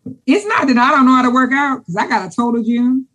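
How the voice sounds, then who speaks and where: Husky-voiced woman chatting enthusiastically. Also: high voice, quick pace, rough recording. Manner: enthusiastic, chatty, repeats words when excited. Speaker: interview guest. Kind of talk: casual conversation.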